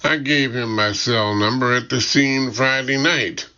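A man's voice: medium pitch, steady tone, a little slow, bright, forceful tone, dull audio, voice pushed up. A man voicing a weary, impatient woman medical examiner who talks in a terse, exasperated way. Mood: irritated.

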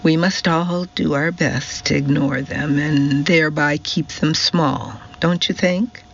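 A male audiobook narrator voicing a gentle older woman who speaks quietly and measuredly. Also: fairly high pitch, steady tone, slow, gravelly, lo-fi sound, full character voice.

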